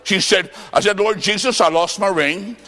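A man preaching a revival sermon, telling a story with acted-out quotes and rising to shouts. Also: high-pitched, normal speed, long reverb tail. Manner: fervent, shouting at peaks, acts out quotes.

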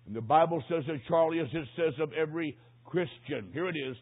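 Male preacher, husky, fairly high voice, dramatic sermon delivery, tinny lo-fi recording. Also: fairly quick, hardly any pauses. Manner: dramatic storytelling, swinging from hushed to shouting.

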